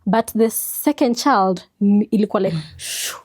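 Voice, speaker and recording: Mellow woman in a dry close recording. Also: mid-range voice, normal speed, dry recording. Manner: reflective, mixes in Swahili phrases. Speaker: podcast guest, mother of two. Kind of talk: casual podcast chat.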